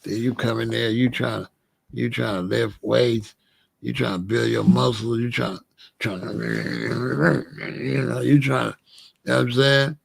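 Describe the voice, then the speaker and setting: Gravelly man in slangy casual commentary. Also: mid-range voice, moderate pace, long pauses. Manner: animated, slangy, acts out quoted voices.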